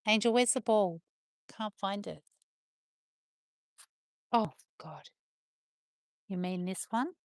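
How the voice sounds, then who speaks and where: A woman chatting with viewers on a livestream while playing with her dogs, slipping into high sing-song praise for them. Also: slow pace, pauses often, no room sound, studio quality. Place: outdoors on a rural property with dogs.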